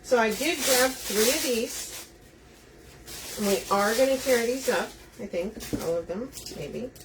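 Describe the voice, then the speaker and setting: Chatting with her viewers, a woman demonstrates wreath-making live and takes them through it step by step. Her voice is a little high and her pace measured; the recording has a distant mic and faint room noise.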